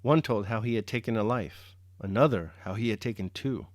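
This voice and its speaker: A man reading a classic novel aloud, chapter by chapter, in a measured, steady way, then reflecting on it as host. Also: fairly low pitch, dry recording, clean studio sound. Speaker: reader and host. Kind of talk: audiobook-style novel reading.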